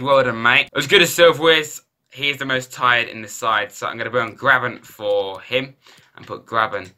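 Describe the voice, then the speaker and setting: A man commentating his football video game in a lively, self-mocking way. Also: mid-range voice, a little hiss or hum. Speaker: gaming YouTuber.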